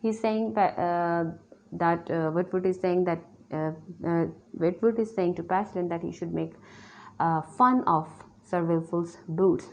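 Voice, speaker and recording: A woman's voice: lowish voice, unhurried, darkish tone, a little hiss or hum. A woman lecturer with a Pakistani English accent explaining a play, hesitant with many fillers. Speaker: literature lecturer. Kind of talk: university lecture. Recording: dull lo-fi recording.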